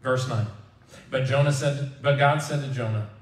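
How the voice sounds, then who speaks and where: A man preaching a conversational sermon as pastor, animated and acting out the people he quotes. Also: mid-range voice, moderate pace. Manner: animated, acts out quoted voices. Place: church sanctuary. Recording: echoey church hall from far off.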